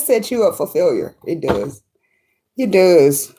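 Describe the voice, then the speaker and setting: A woman's voice: lowish voice, big pitch swings, slow, mellow, husky. A woman tarot reader giving casual spiritual advice in a blunt, slangy, profane monologue, often breaking into laughter.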